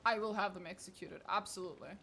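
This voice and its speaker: A woman's voice: medium pitch, quick pace, bright, forceful tone, slight background noise. A woman streaming a video game, reading its text aloud and reacting with sarcastic, profane asides. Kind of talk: casual game commentary.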